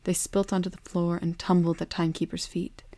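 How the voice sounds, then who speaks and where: A woman narrating a storybook in a calm, soft-spoken way. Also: fairly low pitch, brisk, no echo.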